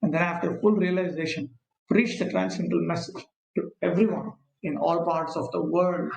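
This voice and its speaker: A man teaching a scripture class, reading verses, chanting Sanskrit slowly, and explaining with many pauses and fillers. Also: high voice, level tone, vocal fry, darkish tone, a little hiss or hum. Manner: frequent fillers and pauses, repeats points. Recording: echoey room.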